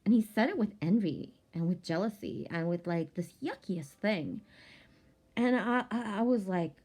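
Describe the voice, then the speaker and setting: A woman's voice: mid-range voice, moderate pace, slightly rough. Swearing, rambling woman vlogger. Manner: profane, rambling, animated storytelling. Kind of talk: casual storytelling vlog.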